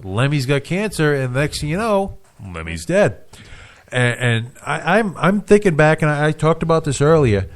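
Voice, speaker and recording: A man of middle pitch talks casually into a studio mic on a live radio broadcast. He wanders through his memories with stops and restarts, and he pokes fun at himself along the way. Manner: rambling, self-deprecating storyteller.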